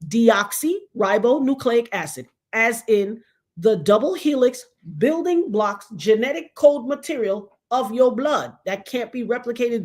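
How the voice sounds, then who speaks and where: A middle-aged woman hosting her own show, talking with preacher-like emphasis and acting out quotes. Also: a little high. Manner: animated preacherly, acts out quotes. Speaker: show host. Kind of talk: casual commentary monologue.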